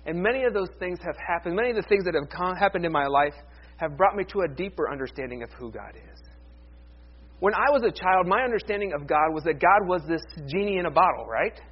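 A man preaching a conversational, animated sermon as pastor, with playful asides. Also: high voice, fast talker, husky, dull audio.

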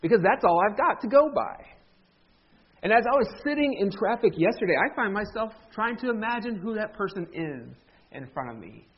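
Middle-aged pastor cracking jokes thru his sermon, kinda husky higher voice, bit muffled recording. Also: very animated, normal speed. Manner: joking, self-deprecating storyteller. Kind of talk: humorous sermon. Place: church sanctuary.

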